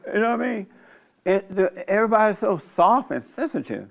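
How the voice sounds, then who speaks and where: Brief: older male pastor, gravelly raised voice, blunt and provocative, informal church talk. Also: high voice, expressive, fairly quick. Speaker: pastor and show host.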